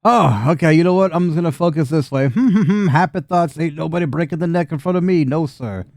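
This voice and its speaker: Give me a man playing a jumpy male companion, very high and loud. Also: brisk, dry recording, lightly acted. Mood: shaken. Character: excitable male party companion.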